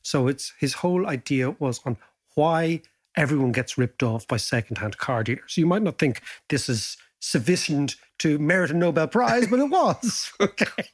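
Man, podcast host, casual chat, fairly high voice, animated, jokey. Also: moderate pace. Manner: animated, jokey, swoops up in pitch.

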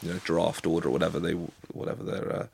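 Gravelly, flat-voiced man, thoughtful guest. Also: deep voice, quick pace. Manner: thoughtful, hesitant restarts. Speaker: guest, international rugby player. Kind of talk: casual interview chat.

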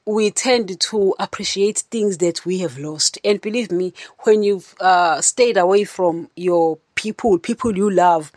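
A woman's voice: mid-range voice, darkish tone, no room sound, studio quality. A woman hosting a podcast, giving an earnest, rambling monologue about faith and often turning to her listeners. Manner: earnest, rambling, keeps saying "you know, guys". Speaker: podcast host.

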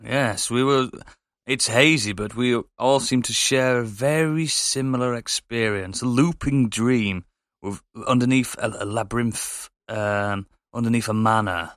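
A man's voice: medium pitch, measured pace, a bit bright, no room sound, studio quality. A man playing a tabletop game in character, sarcastic and exasperated. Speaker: player.

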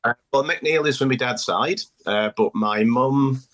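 A man's voice: medium pitch, unhurried, a bit bright. A middle-aged man from Manchester with a Manchester accent, a guest telling stories in a joking, casual way. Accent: Manchester English. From Manchester, England. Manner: jokey, storytelling. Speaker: guest, former contestant. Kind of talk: casual interview chat.

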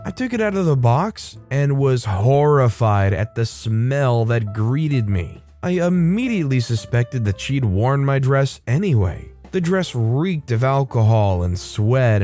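A man reading a first-person reader story aloud as a storytime narrator, in a steady, even manner. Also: medium pitch.

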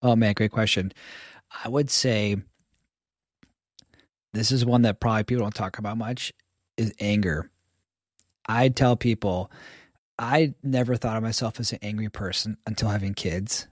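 A man chatting as a podcast guest, telling stories in a lively way and acting out the people he quotes. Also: lowish voice, moderate pace, long pauses, dry recording, clean studio sound. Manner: animated storyteller who acts out quoted people. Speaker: podcast guest, stay-at-home father. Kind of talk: casual podcast conversation.

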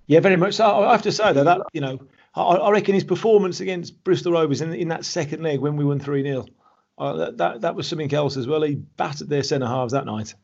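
Ex-footballer guest in his fifties, husky, friendly and relaxed, over a dull remote line. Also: fairly high pitch, fast. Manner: friendly, banter, repeats words when starting. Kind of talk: casual interview chat.

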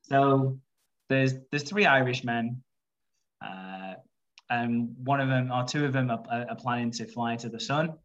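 A man's voice: medium pitch, a little slow, a bit bright, lo-fi sound. Laughing man retelling soap plots. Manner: laughs often, rambling retelling with put-on voices. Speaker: podcast co-host. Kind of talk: casual chat recapping a soap.

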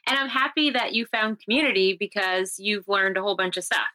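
Chatty woman with a bright, forceful voice. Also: medium pitch, steady tone, fairly quick. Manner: chatty, laughs often. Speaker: podcast guest. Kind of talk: casual podcast chat.

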